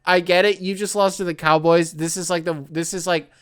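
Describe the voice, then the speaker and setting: A man's voice: high voice, fairly even intonation, fairly quick, clear, resonant tone, dry recording, clean studio sound. A man hosting a casual sports podcast, reading out a listener's email and breaking off often to laugh, riff and swear. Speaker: podcast host.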